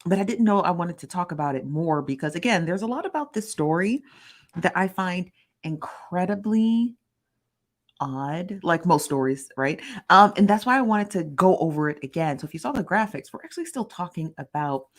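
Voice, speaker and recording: A woman's voice: lowish voice, expressive, normal speed. A woman hosting a casual live stream, chatty and playful, greeting viewers by name and tossing in rhetorical questions. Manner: conversational asides and rhetorical questions. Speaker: host of a live gossip stream.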